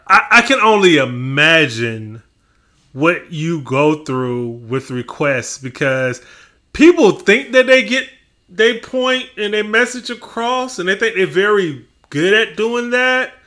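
A man's voice: sits high, bright, forceful tone. A man hosting a podcast, asking rambling, casual questions with many fillers and restarts. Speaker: podcast host. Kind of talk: casual interview chat.

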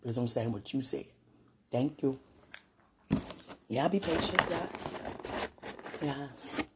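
A woman's voice: extremely low pitch, slow pace, very noisy. A woman talking casually to a loved one and to God, prayerful at times and given to fits of laughter. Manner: prayerful, swings from hushed musing to giggling excitement; laughs often, talks in fits and starts.

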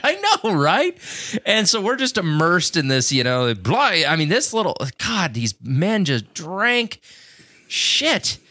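A man's voice: fairly high pitch, sharp tone, no room sound, studio quality. A man in casual chat who rambles and swears, often trailing off into mumbles.

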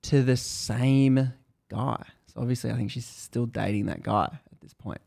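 A man's voice: mid-range voice, steady tone, normal speed, creaky, mellow. A man hosting a podcast, casually retelling a book's story in a loose, rambling way with many restarts.

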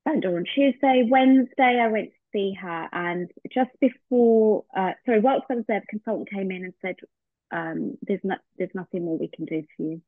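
A woman's voice: medium pitch, normal speed, no room sound. Woman telling a heartfelt story over a tinny line. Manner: heartfelt, acts out remembered dialogue. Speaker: podcast guest. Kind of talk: personal storytelling in a podcast interview. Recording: tinny phone-like line, dry.

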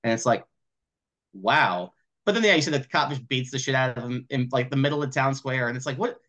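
A man co-hosting a casual podcast, retelling film scenes in a loose, animated way, full of "like" and casual swearing. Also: medium pitch, fairly quick. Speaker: podcast co-host. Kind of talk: casual film discussion chat.

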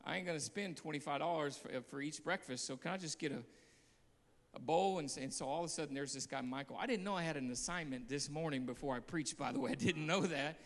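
A man, a guest pastor, preaching a sermon with passion, telling stories, repeating phrases and breaking into shouts. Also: on the high side, quick pace, in a large hall.

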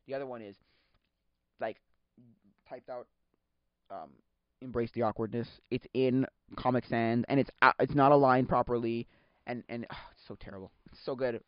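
A man hosting a podcast, chatting casually in a rambling, excitable way, laughing often and acting out quotes. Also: medium pitch, moderate pace, pauses often, clear, resonant tone, dry recording. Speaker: podcast host. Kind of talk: casual solo chat. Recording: dull lo-fi sound.

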